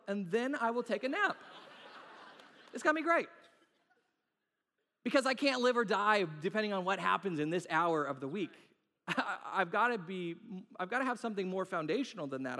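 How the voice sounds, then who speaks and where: High-voiced pastor man in reverberant hall. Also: a bit bright. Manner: playful, self-mocking storytelling with acted-out quotes. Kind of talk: sermon. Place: church sanctuary.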